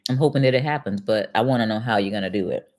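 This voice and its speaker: A woman's voice: extremely low pitch, rapid-fire, darkish tone. A middle-aged woman hosting a casual commentary, reading passages aloud and then answering them with pointed, conversational questions to her viewers. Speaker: channel host and retired accountant.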